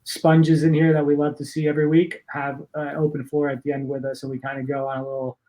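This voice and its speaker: Earnest man with a flat, slightly high voice. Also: fast, rough recording. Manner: earnest, enthusiastic, rambling. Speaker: podcast co-host. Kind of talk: casual chat.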